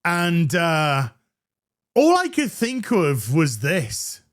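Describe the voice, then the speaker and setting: A man rants through a sarcastic episode review, his fairly high voice bouncing around a wide range. He talks at an unhurried pace, full of crude asides and stammered restarts. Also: wildly swooping pitch, noisy background. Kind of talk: sarcastic ranting commentary.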